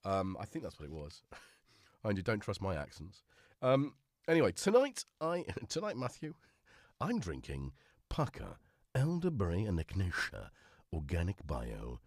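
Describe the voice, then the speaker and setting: A man's voice: low voice, big pitch swings, moderate pace, darkish tone, dry recording, studio quality. A middle-aged man with a cold, hosting a livestream in a rambling, jokey, self-mocking chat. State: congested with a cold. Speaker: livestream host.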